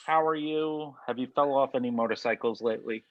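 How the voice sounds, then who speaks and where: A man's voice: mid-range voice, a little fast, no echo. Teasing male podcast host, dry lo-fi sound. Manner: teasing, deadpan ribbing. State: slight lisp from a bitten tongue. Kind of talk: casual joking chat.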